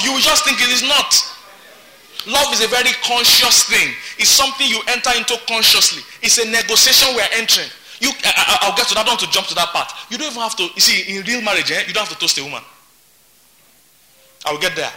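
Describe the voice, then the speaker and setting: A man's voice: high-pitched, pushed and bright. A man preaching a sermon as pastor, emphatic and repeating his words. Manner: emphatic, repeats words, laughs between points.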